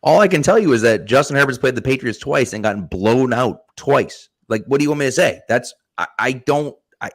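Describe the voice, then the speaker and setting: A man's voice: mid-range voice, lively intonation, a little fast, hardly any pauses. A man defending his team as a guest on a sports podcast, arguing emphatically and repeating his points insistently. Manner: emphatic, argumentative, insistent repetition. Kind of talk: casual sports podcast debate.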